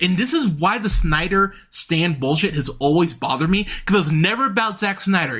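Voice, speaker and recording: A man's voice: high-pitched, sharp tone. Heated, cursing man ranting. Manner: heated, profane, exasperated ranting with sarcastic mock voices. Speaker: podcast host. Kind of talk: ranting podcast commentary.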